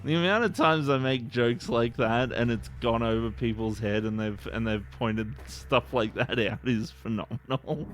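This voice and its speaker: A man's voice: mid-range voice, moderate pace, fairly bright tone, slight background noise. A man with an Eastern Australian accent, chatting casually on a game stream in a rambling, laid-back way and laughing often. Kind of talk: casual live-stream chat.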